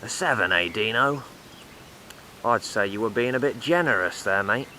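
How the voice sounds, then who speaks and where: A man's voice: on the low side, expressive, moderate pace, pushed and bright, slight background noise. A man voicing a crude, boastful male builder who talks leeringly about women on his lunch break. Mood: leering banter. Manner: leering, boastful, mate-peppered banter.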